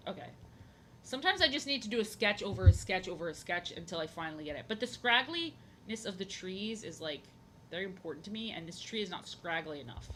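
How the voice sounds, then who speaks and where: A woman's voice: medium pitch, a little hiss or hum. A young woman chatting casually on her drawing stream, rambling, goofy and repeating herself. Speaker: art streamer.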